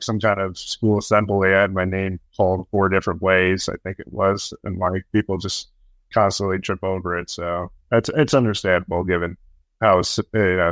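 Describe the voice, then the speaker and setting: A man's voice: sits low, a bit bright, no room sound. A man, a sports reporter, in casual chat, easygoing with hesitant restarts.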